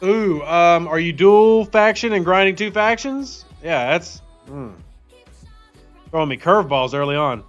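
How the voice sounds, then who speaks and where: Upbeat male streamer, fairly high voice, chatty with viewers; slightly dull audio, faint music under. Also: lively intonation, unhurried. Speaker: game streamer. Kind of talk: casual live-stream chat.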